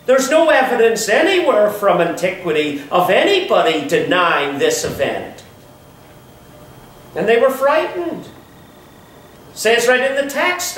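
Man preaching with wide swinging pitch. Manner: expressive preaching, swinging pitch, drops to a hush. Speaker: pastor. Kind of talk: sermon. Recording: echoey room, voice from a distance.

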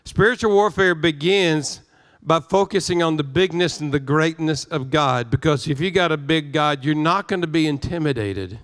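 A man's voice: a little high, normal speed, few pauses, a bit bright. A male pastor preaching a sermon, emphatic, repeating his phrases and restarting words as he drives his points home.

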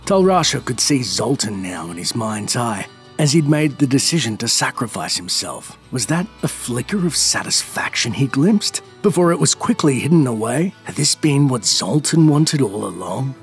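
A man narrating a dark fantasy story in a dramatic, expressive manner. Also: medium pitch, normal speed. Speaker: lore narrator. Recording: faint background music.

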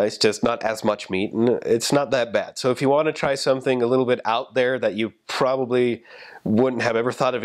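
A young man, a returned missionary, giving chatty, casual advice and laughing at his own stories. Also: on the low side.

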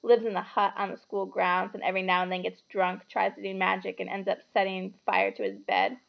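A woman reading a novel aloud with expressive storytelling. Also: medium pitch, a little fast, vocal fry, lo-fi sound. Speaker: reader.

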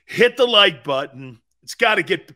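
A man's voice: high-pitched, animated, normal speed. A man hosting a sports talk show, ranting in a mocking, incredulous way. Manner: mocking and incredulous, breaking into laughter and shouted outbursts.

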